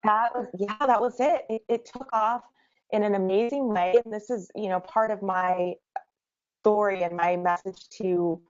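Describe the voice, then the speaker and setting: A woman in her thirties, a guest entrepreneur telling her story in an interview, animated and quick. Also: medium pitch. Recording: dull lo-fi sound.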